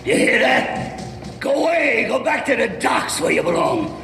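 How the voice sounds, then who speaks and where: A gravelly old trainer. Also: male voice, very high voice, sing-song, a little slow, over music, full character voice. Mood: shouting. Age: older. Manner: berating, shouting. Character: gruff elderly male boxing trainer, furious. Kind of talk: film acting. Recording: echoey noisy film soundtrack.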